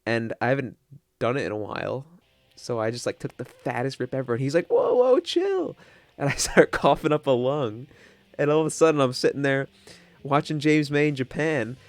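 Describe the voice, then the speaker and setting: A man's voice: mid-range voice, brisk, dry recording. A young man, casually telling a long rambling story to his stream chat, with lots of restarts and swearing.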